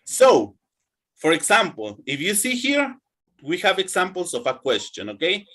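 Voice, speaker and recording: A man's voice: high-pitched, huge pitch swings, a little slow, a bit bright. A young man teaching an English grammar class, drilling students to repeat after him. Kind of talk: online classroom lesson.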